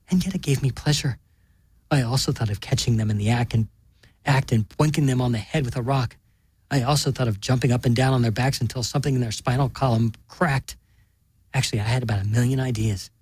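A man plays an earnest middle-aged priest in a storybook, soothing and wandering in his talk. His husky voice is dry and close. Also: medium pitch, no echo, natural voice, rough recording. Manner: soft-spoken, soothing, rambling. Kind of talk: audiobook reading.

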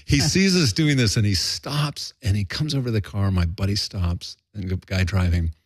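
A man's voice: fairly low pitch, normal speed, slightly rough, dry recording. An older man telling rambling anecdotes in a casual podcast chat, acting out the quotes. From Southern California. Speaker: podcast guest storyteller.

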